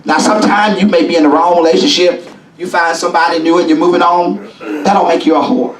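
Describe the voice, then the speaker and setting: A man preaching a sermon as bishop in a church, folksy and call-and-response, rising now and then into shouts. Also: high-pitched, fairly even intonation, fast, a crowd in the background. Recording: echoey church from a distance.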